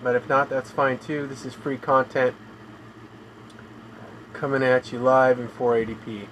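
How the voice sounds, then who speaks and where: A man talking in a flat, weary monotone on a casual live stream from his home room, sounding tired and in pain as he complains. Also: medium pitch, unhurried, slight background noise, poor audio. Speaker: gaming streamer.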